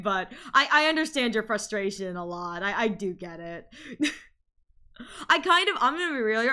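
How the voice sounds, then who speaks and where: A woman's voice: a little high, pushed and bright. A woman streamer chatting casually with viewers, rambling with many restarts and frequent laughs.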